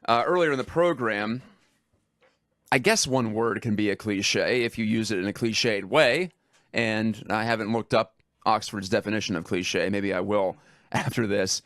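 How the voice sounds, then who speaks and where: A man's voice: on the low side, moderate pace, a bit bright, dry recording, clean studio sound. A man hosting a radio talk show, rambling in a conversational way and laughing at himself. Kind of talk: casual radio talk monologue. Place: radio studio.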